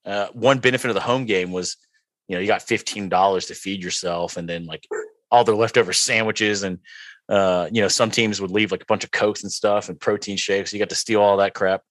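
A man's voice: lowish voice, brisk, no echo. A young man co-hosting a casual sports podcast, telling a long self-mocking story with lots of fillers. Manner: rambling, self-mocking, animated when quoting. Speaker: podcast co-host.

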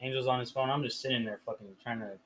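A man's voice: mid-range voice, steady tone, racing, a bit bright, slight background noise, poor audio. A young man from the Riverside area, telling a story in a casual, profane podcast chat full of filler words. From Riverside area, California. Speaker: podcast host.

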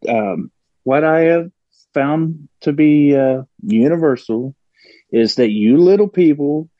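A man's voice: fairly high pitch, expressive, slow pace, no room sound. A man who is a guest on a podcast, chatting casually and liking to stir the pot, often laughing at his own points. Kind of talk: casual conversation. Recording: dull, dry lo-fi sound.

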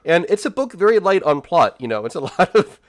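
Measured man in casual podcast talk. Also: high-pitched, very animated, no echo, studio quality. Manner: measured, thoughtful, with frequent fillers. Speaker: podcast co-host. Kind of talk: casual discussion.

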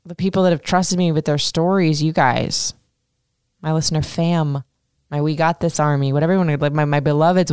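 A woman's voice: low voice, fairly even intonation, brisk, darkish tone, smooth, dry recording, studio quality. A woman in her thirties hosting a podcast, chatting casually through listener questions with lots of fillers and casual swearing. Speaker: podcast host.

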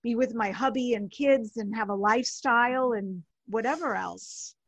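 A woman's voice: fairly high pitch, normal speed, no room sound. A woman hosting an interview, asking curious and empathetic questions. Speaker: interviewer, host. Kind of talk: conversational interview.

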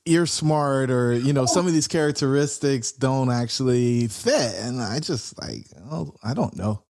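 A man's voice: medium pitch, animated, moderate pace, vocal fry, darkish tone. A man interviewing a guest in casual chat, asking questions with playful, teasing asides.

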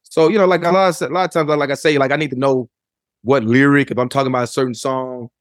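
Man, middle-aged, quick talker, laid-back storyteller, interview guest. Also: medium pitch, fairly even intonation, no echo, clean studio sound. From Memphis, Tennessee, USA. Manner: laid-back storytelling, frequent "you know what I'm saying". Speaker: rapper and producer, interview guest. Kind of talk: casual interview conversation.

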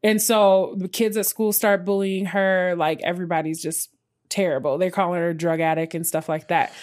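A woman in casual, animated chat who swears a lot and jumps into quick asides. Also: on the low side.

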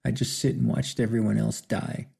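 A man's voice: medium pitch, flat delivery, normal speed, mellow. A man voicing a frail, dying old outlaw who speaks weakly and tearfully with remorse. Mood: remorseful. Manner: weak, croaking, tearful speech.

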